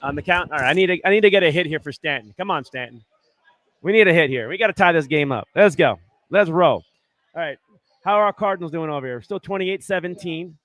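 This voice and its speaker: A man hosting a sports podcast in casual chat, excitable and rambling, checking in with "right?" often. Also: on the high side, fast. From Arizona. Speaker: podcast host.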